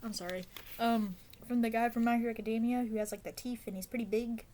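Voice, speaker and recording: A woman's voice: a little high, steady tone, quick pace, warm tone, a little hiss or hum. A young woman chatting casually as a vlogger. She rambles, drifts off on tangents and fills her talk with slang and fillers. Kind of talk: casual chat.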